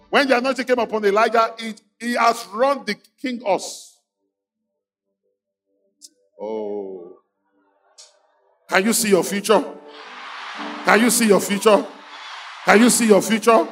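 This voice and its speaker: A man preaching a fiery sermon, leading the crowd in call-and-response chants and bursting into shouts. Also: high-pitched. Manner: exhorting, repetitive, bursts into shouts.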